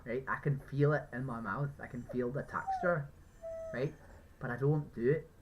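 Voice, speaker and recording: A woman's voice: extremely low pitch, normal speed, noisy background. A woman from England speaking in a put-on Northern Irish accent, a vegan activist pressing passersby in a persistent, questioning street debate outdoors.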